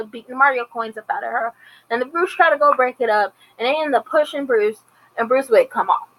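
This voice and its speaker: A woman's voice: high voice, fairly bright tone, low-quality recording. Chatty woman recapping a TV episode. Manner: chatty retelling with acted-out quotes. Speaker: TV episode reviewer. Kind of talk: casual commentary recap.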